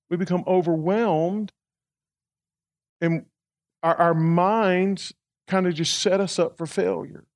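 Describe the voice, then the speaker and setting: A man preaching a sermon as pastor, talking to the congregation in a conversational way, repeating words and asking them questions. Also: sits high.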